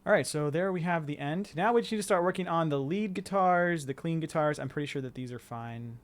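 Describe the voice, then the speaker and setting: A man's voice: a little high, brisk, background noise. A man from a band, casually thinking aloud and joking while recording an album in a studio. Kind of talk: casual studio vlog talk.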